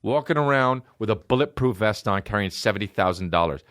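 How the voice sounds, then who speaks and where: A male comedian riffs through a loose, swearing monologue, his pitch bouncing up and down with lively swings. He is close on a podcast mic with a dry, dead sound and no room around him. Fillers and restarts pile up as he talks. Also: a little fast, hardly any pauses, dry recording. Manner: profane, rambling, many fillers, jumps into mock voices.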